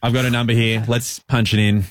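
A man's voice: medium pitch, level tone, brisk, no echo, clean studio sound. Upbeat man radio co-host. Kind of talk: casual radio banter. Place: radio studio.

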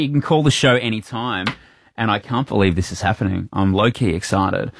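A middle-aged man hosting a breakfast radio show, chatty and warm, repeating words as he talks. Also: on the low side, steady tone, brisk, gravelly, a little hiss or hum. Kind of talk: casual radio chat. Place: radio studio.

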